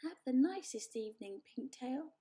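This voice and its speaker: A woman's voice: high voice, animated, moderate pace, mellow. A woman voicing a formal, polite female robot in a storybook reading, with a stiff, robotic delivery. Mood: stiffly polite.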